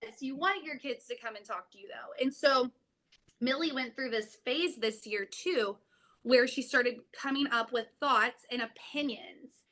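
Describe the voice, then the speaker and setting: A woman in her thirties, a mother and podcast guest, telling stories in a casual chat, animated and chuckling as she talks. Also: sits high, measured pace. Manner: animated storyteller, chuckles mid-sentence.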